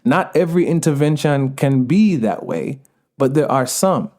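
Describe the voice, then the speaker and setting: A man's voice: medium pitch, expressive, moderate pace, darkish tone. A man with a light Jamaican lilt talks as a podcast guest, earnest and emphatic. His voice sits in an ordinary middle range. He laughs easily while making his points. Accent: Jamaican-tinged. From United States. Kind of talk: casual conversation.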